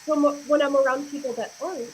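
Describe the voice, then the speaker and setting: A woman's voice: sits high, steady tone, fast, slight background noise, low-quality recording. A woman guest on a horror podcast, chatting casually with many fillers and giggles. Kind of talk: casual chat. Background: dog nearby.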